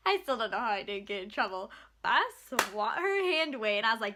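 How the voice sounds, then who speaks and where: A young woman tells stories to her channel in a high, lively voice. She is animated and casual, and swears freely. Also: moderate pace. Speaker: vlogger. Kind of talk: casual storytelling.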